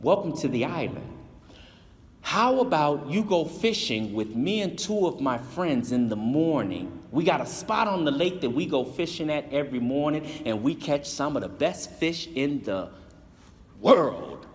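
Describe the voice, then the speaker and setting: A man telling a story and voicing an older, wise male fisherman who speaks low, slow and relaxed. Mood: calm. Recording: long reverb.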